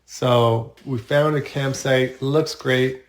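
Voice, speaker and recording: A man's voice: mid-range voice, fairly even intonation, slow. A man from Canada, a podcast guest, telling a travel story in an easygoing, matter-of-fact way. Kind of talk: casual storytelling in a podcast interview.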